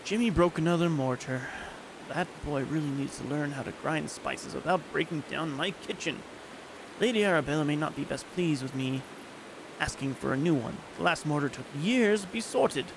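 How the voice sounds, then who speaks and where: A man's voice: fairly high pitch, normal speed, creaky, background noise. A man streaming a puzzle game, rambling and self-mocking while reading game text aloud. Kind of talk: casual game commentary.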